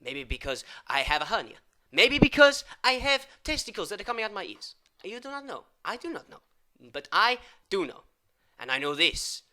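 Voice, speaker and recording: High, sharp-voiced man rambling absurdly. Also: very animated, moderate pace. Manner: rambling absurd patter, swinging from loud outbursts to whispers. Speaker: improv comedian. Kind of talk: improvised comic monologue.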